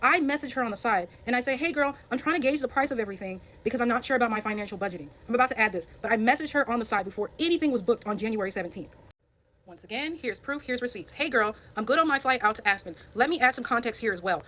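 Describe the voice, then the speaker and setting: A woman's voice: on the high side, lively intonation, very fast, a bit bright, slight background noise. A woman telling her side of a dispute in a storytime vlog, reading out screenshots and stressing her points in an emphatic, defensive way. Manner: emphatic and defensive, walking through evidence point by point.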